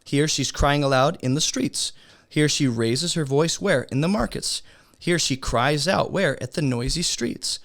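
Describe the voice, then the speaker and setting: A man teaching a beginner's Bible study lesson in a relaxed, conversational way, asking his listeners rhetorical questions. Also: on the high side, a little slow.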